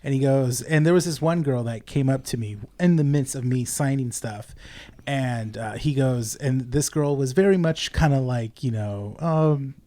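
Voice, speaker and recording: A man's voice: mid-range voice, moderate pace, dark tone. A man co-hosting a podcast, chatting casually and telling a story with frequent hesitations and uhs. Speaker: podcast co-host. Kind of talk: casual chat.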